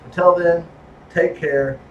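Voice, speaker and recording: A man hosting a casual wrestling podcast, joking and animated. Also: takes it slowly, dull audio, slight background noise. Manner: animated, joking, pitch jumping around. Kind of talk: casual chat. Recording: echoey room, mic at a distance.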